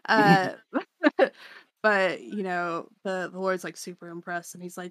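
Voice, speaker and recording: A woman's voice: on the low side, unhurried, a bit bright, no room sound. A woman co-hosting a podcast, recapping a story in casual chat, laughing often and rambling with many fillers. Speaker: podcast co-host.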